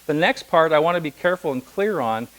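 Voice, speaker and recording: A man's voice: fairly high pitch, lively intonation, fairly bright tone, rough recording. A middle-aged man teaching a hands-on massage class, telling stories and demonstrating as he talks. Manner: fast, anecdotal, demonstrating while talking. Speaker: massage instructor.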